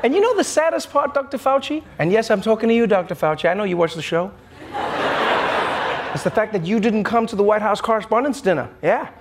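Man hosting a comedy monologue. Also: extremely high pitch. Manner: playful, laughing through jokes. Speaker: late-night comedy host. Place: TV studio with audience. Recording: studio audience noise.

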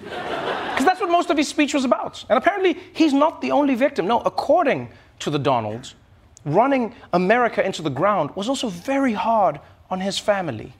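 A man's voice: sing-song, fairly quick, slightly rough. A man hosting a late-night comedy show, delivering a sarcastic monologue with punchy jokes. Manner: sarcastic, punchy jokes with big pitch swings.

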